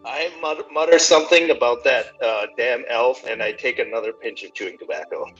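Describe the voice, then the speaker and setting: Male player, husky voice, wisecracking, slightly dull sound. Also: mid-range voice, brisk, faint music behind. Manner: joking, crude banter.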